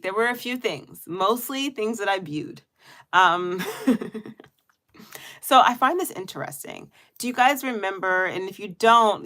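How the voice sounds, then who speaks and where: Woman doing a casual live vlog chat, laughs a lot, normal mid-pitch voice, chatty. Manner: chatty and laughing, with animated quoted asides. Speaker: vlogger hosting a weekly live check-in. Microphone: headphones on.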